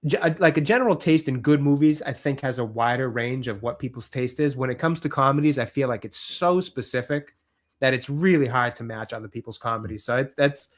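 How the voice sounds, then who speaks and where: Male podcast co-host, mid-pitched, calm and agreeable, thinks out loud. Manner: measured, agreeable, thinks aloud. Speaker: film review podcast co-host. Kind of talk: casual chat.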